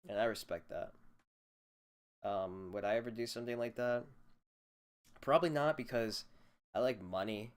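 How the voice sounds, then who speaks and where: A man's voice: mid-range voice, moderate pace, pauses often, smooth. A young man hosting a solo podcast, ranting in a profane, rambling, sarcastic way into a desk microphone. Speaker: podcast host.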